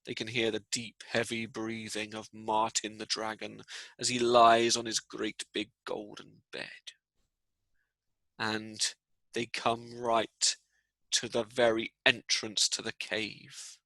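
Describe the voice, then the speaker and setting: A man telling a story to children in a live lesson, playful and animated, dropping to a hush for the tense parts. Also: fairly low pitch, takes it slowly, no echo, low-quality recording. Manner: playful, animated storyteller who drops to hushed tones. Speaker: teacher reading out children's comments.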